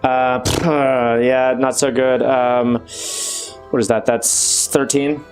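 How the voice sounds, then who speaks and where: A man playing a tabletop game, relaxed and wry as he takes his turns. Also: medium pitch, slow, faint music behind. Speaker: player. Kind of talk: casual tabletop play.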